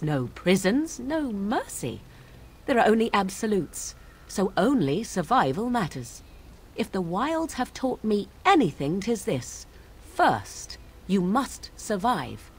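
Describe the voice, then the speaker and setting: A woman's voice: medium pitch, very animated, takes it slowly, breathy edge, exaggerated voice. An actress voicing a young, aloof, sardonic witch in a video game, speaking in a cool, archaic, mocking way. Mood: cool wry. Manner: archaic cool speech, wry amusement.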